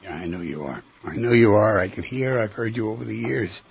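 A man's voice: on the low side, animated, a little fast, vocal fry, breathy edge. A middle-aged man hosting a radio call-in show, counseling callers in a direct, coaxing, plain-spoken way. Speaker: radio call-in host and therapist. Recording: dry, muffled radio broadcast audio.

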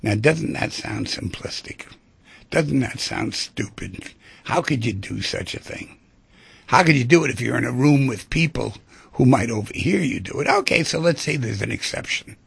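A man's voice: medium pitch, lively intonation, moderate pace, vocal fry, fairly bright tone, husky, no room sound. A middle-aged man hosting a radio talk show, talking through feelings and relationships in a conversational way and acting out little scenes. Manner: conversational, acts out quoted voices. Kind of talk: reflective monologue on relationships.

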